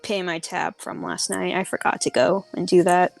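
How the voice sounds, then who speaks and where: A woman's voice: on the low side, expressive, normal speed, gravelly, soft background music, low-quality recording. A woman voicing a clueless young man who whines and gets defensive, in a tabletop game. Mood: whiny.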